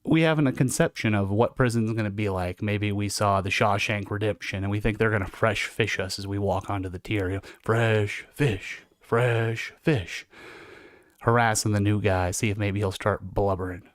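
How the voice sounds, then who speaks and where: A man's voice: on the low side, fairly even intonation, a little fast, hardly any pauses, no room sound, studio quality. A man hosting a livestream, telling stories in a conversational, reflective way. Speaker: livestream host recounting incarceration. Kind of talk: casual storytelling monologue.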